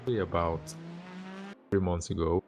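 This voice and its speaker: A man in casual voice chat, relaxed and appreciative, talking with hesitant fillers about joining a racing league. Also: low-pitched, moderate pace, slight background noise. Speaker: new league member.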